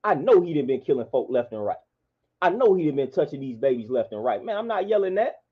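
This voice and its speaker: A man's voice: on the high side, very animated, fast talker, husky. A man, delivering an impassioned monologue in a preachy, repetitive, emphatic way. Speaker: vlogger. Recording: dull lo-fi sound.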